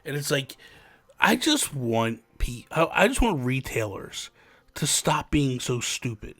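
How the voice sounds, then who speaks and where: A man co-hosting a casual gaming podcast, chatty and excitable, full of fillers. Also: medium pitch, a little slow. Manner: chatty, excitable, many fillers like "like" and "you know". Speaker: podcast co-host.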